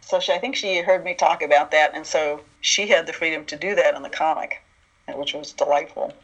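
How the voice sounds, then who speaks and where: A man being interviewed about writing an animated series, who tells stories in a relaxed, chatty way and acts out the voices of people he quotes. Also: fairly high pitch, brisk. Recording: dull lo-fi sound.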